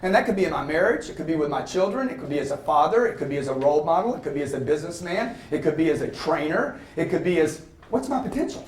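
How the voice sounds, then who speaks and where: A man, giving an energetic motivational sales lecture and constantly checking in with his audience. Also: on the high side, quick pace, few pauses. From Louisiana, US. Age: 50s. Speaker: guest lecturer. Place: packed lecture hall. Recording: echoey hall from far off.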